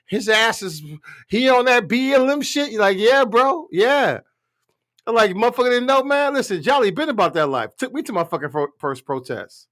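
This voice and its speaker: Profane, ranting man with a high voice. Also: fairly bright tone. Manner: profane, blunt, rambling. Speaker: live stream host. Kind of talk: casual political rant.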